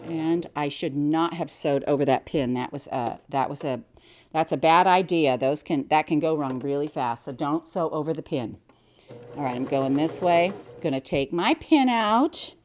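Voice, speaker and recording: A middle-aged American woman walks through a quilting project step by step. She chats cheerfully as she works, and her voice sits a little low. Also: normal speed, darkish tone, slight background noise. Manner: chatty, cheerful step-by-step explaining. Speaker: quilting teacher. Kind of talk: hands-on sewing tutorial.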